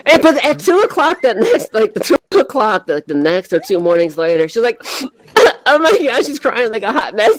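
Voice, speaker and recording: A woman's voice: on the high side, very animated, moderate pace, no room sound, rough recording. A woman co-host telling raunchy comic stories, laughing often and talking crudely. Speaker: co-host and bartender. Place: virtual reality social app.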